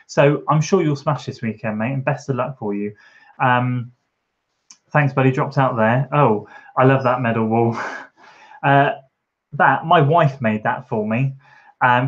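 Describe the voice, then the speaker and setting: A man's voice: mid-range voice, lo-fi sound. A man chatting casually on a live stream from his home kitchen, reading out and answering chat comments, encouraging and rambling with fillers.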